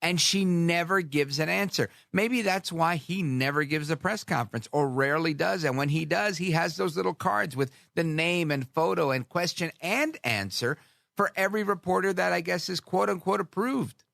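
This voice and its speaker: Gravelly-voiced talk radio host. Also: male voice, on the high side, normal speed, dry recording, studio quality. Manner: sarcastic, animated, drifts into asides. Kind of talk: opinionated talk radio monologue.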